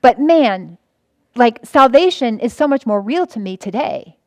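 A woman's voice: fairly high pitch, lively intonation, a little slow, no room sound. A woman pastor teaching a sermon in an earnest way, often restarting and repeating her points.

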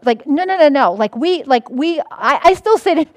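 A woman's voice: sits high, animated, a little fast, no room sound. A woman pastor teaching a sermon in an earnest way, often restarting and repeating her points.

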